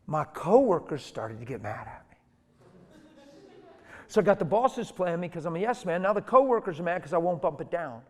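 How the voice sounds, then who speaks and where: A middle-aged man preaching through a personal story, animated and emphatic, acting out the voices of the people in it. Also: a little high, moderate pace. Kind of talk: storytelling sermon. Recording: long hall reverb.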